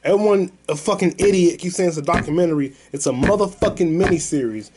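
A man's voice: high voice, quick pace, darkish tone, husky. A man hosting a podcast, rambling through stories and movie talk in a loose, profane, slangy way. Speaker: podcast host. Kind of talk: casual podcast chat.

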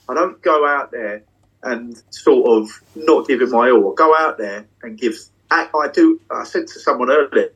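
A man, a magician on tour, talks candidly and swears freely in long excited runs from a backstage dressing room. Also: medium pitch, breathy edge, far from the mic, poor audio. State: getting emotional. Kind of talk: candid casual interview.

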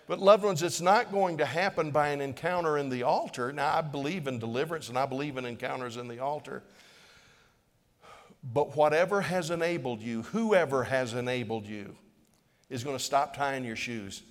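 A man's voice: medium pitch, moderate pace. A middle-aged male pastor preaching a sermon in a church, earnest and pleading, repeating phrases as he presses a point. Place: church sanctuary. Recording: long hall reverb.

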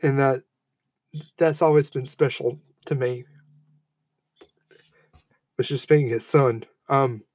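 A man in his thirties giving a heartfelt eulogy, halting and emotional, with frequent fillers and restarts. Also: mid-range voice, fairly even intonation, darkish tone, no room sound. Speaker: eulogy speaker. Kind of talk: personal eulogy speech.

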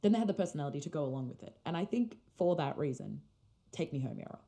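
A woman's voice: low-pitched, sing-song, fast, creaky, warm tone. A young woman co-hosting a podcast, chatting casually and gushing like a fan. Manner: chatty, gushing fan talk with many fillers. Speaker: podcast co-host. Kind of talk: casual chat.

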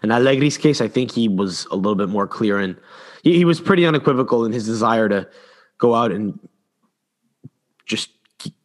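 A man co-hosting a football podcast in casual chat, opinionated and rambling, often repeating words and restarting his sentences. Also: on the low side. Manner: opinionated, animated. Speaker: podcast co-host.

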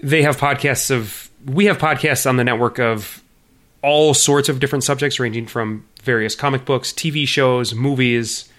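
A man's voice: mid-range voice, fairly even intonation, moderate pace, fairly bright tone. A man co-hosting a casual podcast, teasing his partner with dry humor. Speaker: podcast co-host.

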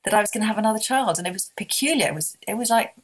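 Heartfelt woman recounting, halting. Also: mid-range voice, animated, breathy edge. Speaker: interview guest, author. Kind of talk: candid interview.

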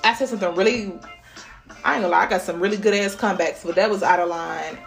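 A woman's voice: medium pitch, quick pace, vocal fry, faint music behind. A woman hosting a podcast, giving a casual spiritual pep talk in a blunt, profane way. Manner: blunt and profane, swears freely. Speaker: podcast host.

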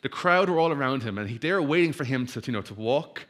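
A man preaching a morning sermon, mixing an easygoing story with scripture. His voice sits at an ordinary pitch. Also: animated. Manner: storytelling, acts out crowd voices, laughs easily; hushed, slow prayer. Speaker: pastor.

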